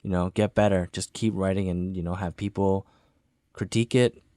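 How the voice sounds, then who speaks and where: Chill guy w a lowish voice, podcast guest, says you know a lot, dry mic. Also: fairly even intonation, moderate pace, warm tone, no echo. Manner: laid-back, heavy "you know" filler. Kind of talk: casual podcast chat.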